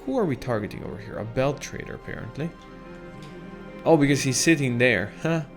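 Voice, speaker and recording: A man's voice: medium pitch, a little fast, soft background music. A man hosting a casual let's-play, chatting and reacting as he plays a game. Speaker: gaming channel host.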